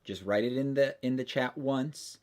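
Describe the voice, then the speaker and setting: A man's voice: mid-range voice, moderate pace, darkish tone. A man hosting a livestream in casual chat, talking loosely and restarting his sentences often. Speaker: livestream host.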